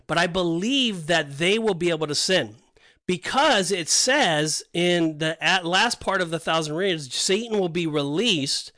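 A man co-hosting a casual Bible discussion podcast talks in a rambling way, often restarting and citing scripture as he explains. His high, sharp voice is expressive and a little slow, with no echo in the recording.

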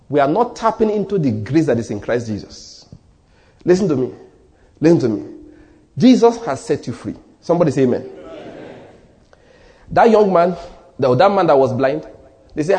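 A man's voice: fairly high pitch, very animated, moderate pace, long pauses, warm tone. A man with a Nigerian accent preaching a sermon as pastor, emphatic and repeating his key lines, sometimes dropping almost to a whisper.

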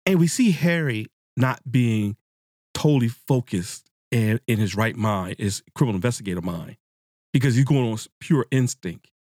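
A man hosting a casual book-discussion podcast, talking to his listeners in a rambling, excitable way and swearing freely. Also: medium pitch, normal speed, dry recording, studio quality. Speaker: podcast host.

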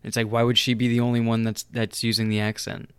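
A man's voice: medium pitch, completely flat delivery, fast talker, clean tone, no room sound. A man casually discussing movies on a podcast, laid-back and hedging his opinions.

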